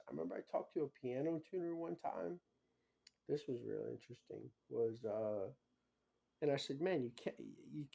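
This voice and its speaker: A man rambles through a loose, casual monologue, filling the gaps with "you know" and "bro". His voice has a mellow, darker color, and he drifts from quiet muttering into loud, pressing emphasis. Pitch sits around the middle for a man. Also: gravelly. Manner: swings between muttering and loud emphatic outbursts. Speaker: vlogger.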